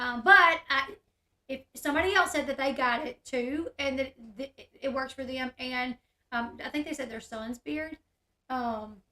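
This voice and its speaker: A high, bright-voiced woman talks casually on her livestream. She is candid and chatty, reading viewer comments aloud as she goes. Her voice carries a noticeable echo from the room at home. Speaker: YouTube host.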